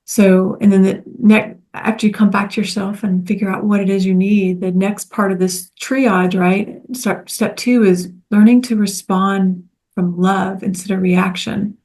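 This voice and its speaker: A woman co-facilitator giving a guided teaching talk in a gentle, soft-spoken, reflective way. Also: mid-range voice, fairly even intonation, a little slow, few pauses.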